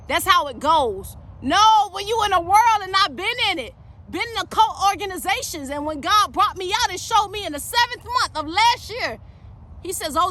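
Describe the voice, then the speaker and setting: A woman's voice: very high-pitched, bright, forceful tone, a little hiss or hum. A woman preaching with fire, emphatic and direct, calling her listeners baby. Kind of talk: fiery preaching monologue.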